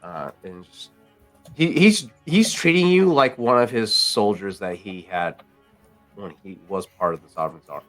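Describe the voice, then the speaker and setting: A man's voice: fairly low pitch, expressive, measured pace, a bit bright, faint music behind. A man narrating as game master, casual and rambling, calling players mate.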